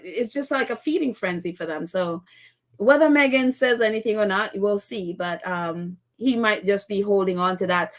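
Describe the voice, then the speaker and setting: A woman hosting a casual live-stream chat, reading viewer comments and rambling through stories with many restarts and laughs. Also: medium pitch. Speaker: host of a live chat show.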